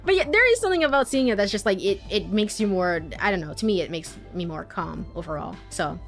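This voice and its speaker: A woman's voice: medium pitch, lively intonation, fast, soft background music. Giggly rambling woman game streamer. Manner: rambling, giggly, lots of "like" fillers. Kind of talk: casual chat while reading a visual novel aloud.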